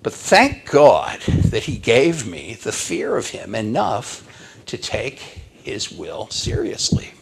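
Brief: older man, preacher, slow emotive storytelling, husky. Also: mid-range voice, huge pitch swings. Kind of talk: sermon storytelling.

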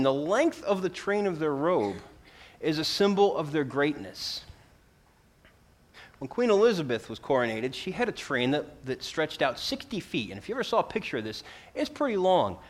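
Male preacher, fairly high voice, earnest sermon delivery with emphatic swells. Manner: earnest and emphatic, rising and falling in volume for emphasis.

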